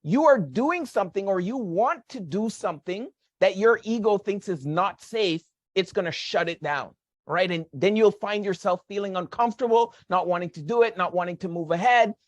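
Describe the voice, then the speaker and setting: A man's voice: high voice, expressive, moderate pace, no room sound. A man giving a motivational lesson on money as a financial educator, talking emphatically, repeating his key points and tagging on rhetorical questions.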